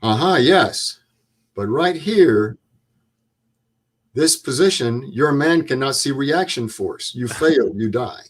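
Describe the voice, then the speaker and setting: A man voicing a gruff older German army mentor with a German accent, speaking in clipped, broken English. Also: mid-range voice, expressive, slow. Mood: stern.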